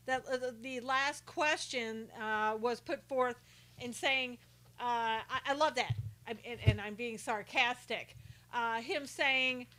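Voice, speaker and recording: A woman's voice: a little high, slow pace, sharp tone. A woman hosting a casual live stream who greets viewers by name, reads their comments aloud and talks indignantly about rude reporters.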